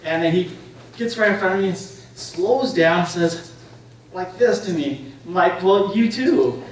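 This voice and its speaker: Guy giving a talk at a conference, kinda high voice, keeps saying right? okay?, echoey room, mic far off. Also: normal speed. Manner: frequent "right?" and "okay?" checks, anecdotal. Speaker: conference speaker. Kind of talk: interactive lecture to an audience. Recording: echoey room, distant mic, faint noise.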